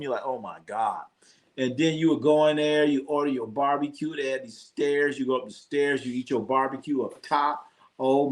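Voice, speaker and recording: A man hosting a casual livestream, telling rambling, profane food stories and talking straight to his chat. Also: mid-range voice. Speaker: livestream sports host.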